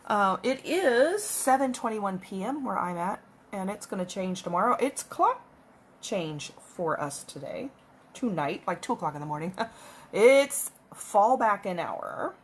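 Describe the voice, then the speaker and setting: Speaking at a measured pace in a sing-song, mid-range voice, a makeup vlogger chats and rambles through a casual tutorial while doing her makeup. She's at home with her cat, and the phone-camera recording carries a little hiss or hum.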